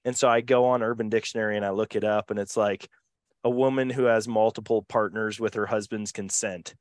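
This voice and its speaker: Laid-back podcast host, dry close sound. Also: male voice, on the low side, steady tone, brisk, dry recording. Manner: laid-back, slangy, says "dude" a lot. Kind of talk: casual podcast chat.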